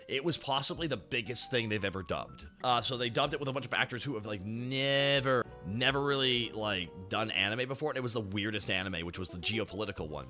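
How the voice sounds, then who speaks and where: Excitable man with a very bright voice. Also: medium pitch. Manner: excitable, rambling, swears freely. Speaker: show host. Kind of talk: casual chat reviewing robot designs.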